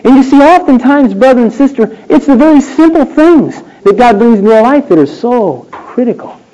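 A man preaching a sermon, emphatic and rhetorical, swinging between loud declarations and hushed questions. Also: very high voice, lively intonation, a little fast, highs cut off.

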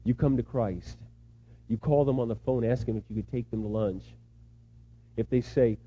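A man's voice: lowish voice, fairly even intonation, brisk. Impassioned middle-aged male preacher, muffled sound. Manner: swings from hushed, tender asides to loud, impassioned pleas. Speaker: pastor. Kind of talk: sermon.

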